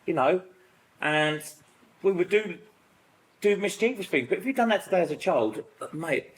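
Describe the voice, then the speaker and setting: A middle-aged British man with a British accent, sharing childhood stories in a recovery group, rambling and animated with lots of fillers. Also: high-pitched, moderate pace, poor audio. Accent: British English. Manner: rambling, animated storytelling full of fillers and acted-out quotes. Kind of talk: personal sharing in a support group.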